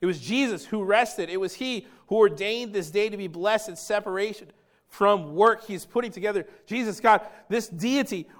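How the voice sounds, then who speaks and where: A man preaching a sermon as pastor, emphatic and dramatic, swinging between loud stretches and hushed ones and talking straight to his congregation. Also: high-pitched, normal speed. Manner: acts out quoted speech and addresses the congregation directly.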